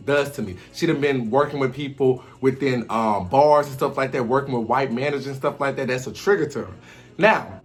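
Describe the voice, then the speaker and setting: A man recapping a reality TV show in a casual commentary vlog, talking in an animated, slangy way and often acting out what people said. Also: mid-range voice.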